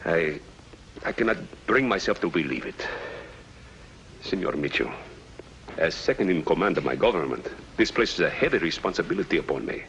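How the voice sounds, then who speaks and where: An actor playing a halting, formal Latin American government official in a 1950s TV drama. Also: male voice, low voice, animated, a bit bright. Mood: worried. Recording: dull old TV soundtrack with faint hiss.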